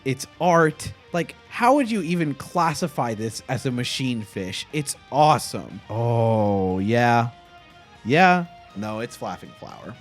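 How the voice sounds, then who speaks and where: Young guy streamer laughing a lot, voice jumps all over, faint music behind. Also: medium pitch. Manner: excitable, laughing, animated reactions. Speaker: streamer host. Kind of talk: casual stream commentary.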